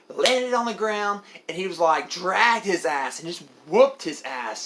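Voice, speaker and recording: A young man from Oklahoma rambling through a casual movie review vlog, excitable, with lots of fillers and swearing. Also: high-pitched, a little slow, slight background noise.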